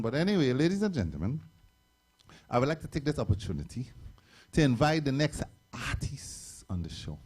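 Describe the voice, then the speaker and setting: A man with a Trinidadian accent hosting a live online calypso show, loud and playful, repeating his phrases and calling for applause. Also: mid-range voice. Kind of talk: hyping live stream host.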